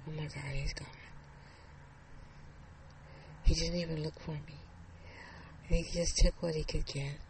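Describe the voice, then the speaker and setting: A storyteller voicing a frightened mother with grown daughters, talking with a gravelly edge. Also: medium pitch, level tone, a little fast, noisy background, close to an everyday voice. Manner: shaky then earnest and pleading.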